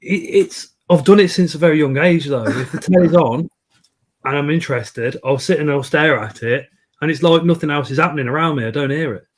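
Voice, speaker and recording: A man's voice: fairly high pitch, brisk. A middle-aged man hosting a casual live stream, chatting and reading out viewer comments. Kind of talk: casual chat.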